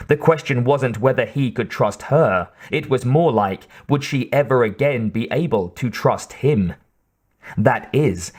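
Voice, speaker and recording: A man reading an audiobook in a slow, expressive narrating voice. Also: medium pitch. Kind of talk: scripted narration.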